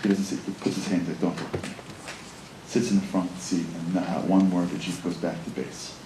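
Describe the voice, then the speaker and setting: A man giving a motivational storytelling talk to a school audience, telling the story in an animated way and acting out the characters. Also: low voice, fairly quick. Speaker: guest speaker. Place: school assembly hall. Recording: echoey hall with faint room noise.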